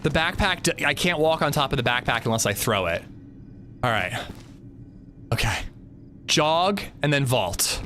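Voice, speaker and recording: Male streamer, anxious and jittery, pitch leaping all over, faint noise behind. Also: expressive, measured pace, long pauses, sharp tone. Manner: anxious, jittery, talking himself through it. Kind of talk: live gameplay commentary.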